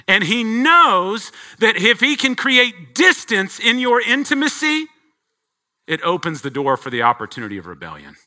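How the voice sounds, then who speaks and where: A middle-aged man preaching a sermon as pastor to a congregation, swinging between loud emphatic peaks and quiet low asides.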